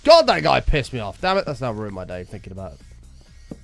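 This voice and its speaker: A man talking over his gameplay in a loose, rambling way, dropping swear words as he goes. His pitch swings up and down a lot, and faint music plays underneath. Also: wildly swooping pitch, normal speed, creaky. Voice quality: chatty, rambling, sweary storytelling. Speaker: streamer. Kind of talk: casual gameplay chat.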